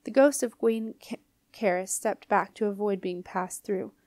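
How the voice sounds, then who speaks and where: Female audiobook reader, expressive storytelling, mid pitch, very dry sound. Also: measured pace, no room sound. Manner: clear, expressive reading. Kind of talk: storybook narration.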